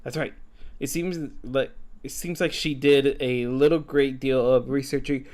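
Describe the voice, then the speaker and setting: Halting man reading a game aloud. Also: fairly high pitch. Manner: halting, with restarts and ums. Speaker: streamer.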